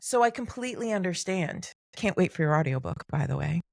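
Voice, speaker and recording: Brief: woman host, lowish voice, dry close sound, enthusiastic. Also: expressive, vocal fry, a little mellow, no echo. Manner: enthusiastic, effusive, drawn-out emphasis. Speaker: podcast host. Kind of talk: podcast interview.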